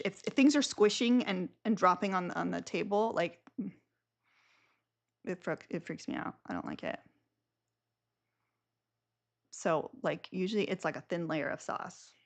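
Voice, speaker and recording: A young woman hosting a live stream, chatting casually and rambling with lots of filler words. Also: on the low side.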